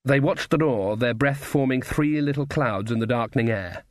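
A man narrating a comic fantasy audiobook in a measured, dry delivery. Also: medium pitch, no echo. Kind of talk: scripted narration.

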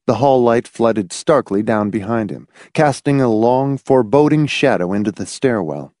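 Male narrator, suspenseful audiobook read, very lively pitch, dry close sound. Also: moderate pace, no room sound. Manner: dramatic, suspenseful storytelling.

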